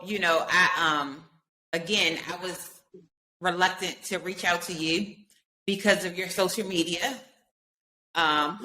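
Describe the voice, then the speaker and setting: A woman's voice: lowish voice, pushed and bright, a little hiss or hum. A woman co-hosting a podcast in casual chat, candid and chatty, often chiming in to agree. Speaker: podcast co-host. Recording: echoey room.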